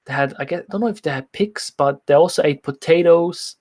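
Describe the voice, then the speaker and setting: A man's voice: fairly high pitch, brisk, a little mellow. A young man, a nutrition coach, talking casually and chattily with fillers. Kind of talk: casual talk to an audience.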